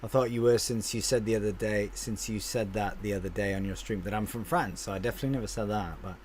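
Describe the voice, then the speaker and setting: A chatty male game streamer with a fairly low voice talks loosely to his viewers. He answers their comments one by one and often stops and restarts mid-sentence. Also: fast talker, darkish tone, slight background noise. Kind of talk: casual live-stream chat with viewers.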